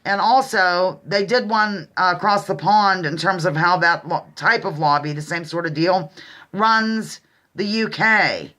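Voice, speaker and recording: A woman vlogger delivering a sarcastic, exasperated political rant straight to her viewers, repeatedly addressing them as ladies and gentlemen. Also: lowish voice, unhurried.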